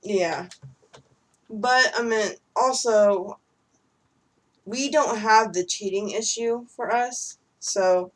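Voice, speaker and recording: A woman's voice: mid-range voice, slow, pauses often, distant mic, low-quality recording. A young woman chatting casually with her husband, rambling with many fillers. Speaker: vlogger answering questions with her husband. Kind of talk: casual chat.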